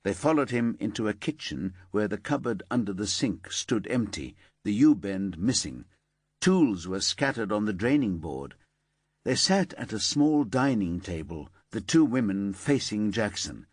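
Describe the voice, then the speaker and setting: Husky low-voiced male audiobook narrator. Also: big pitch swings, measured pace, no room sound, studio quality. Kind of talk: scripted narration.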